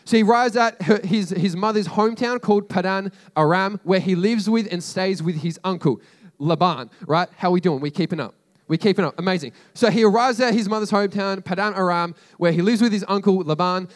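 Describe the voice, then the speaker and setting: High-voiced man retelling a story casually. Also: a little fast. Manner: chatty, slangy retelling with lots of "like" and asides to listeners.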